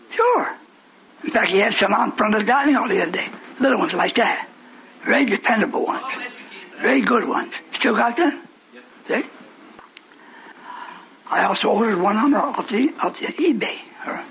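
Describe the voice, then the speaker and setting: Gravelly high-voiced older preacher man. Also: slight background noise, rough recording. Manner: folksy, swings from mutters to shouting. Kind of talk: rambling sermon to a congregation.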